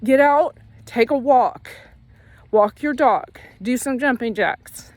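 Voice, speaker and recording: A woman's voice: on the high side, slow, dry recording. A woman giving a casual, earnest faith and fitness pep talk while out on a walk. She repeats herself and corrects herself as she goes. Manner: earnest, repetitive, self-correcting; walking while talking. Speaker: faith vlogger.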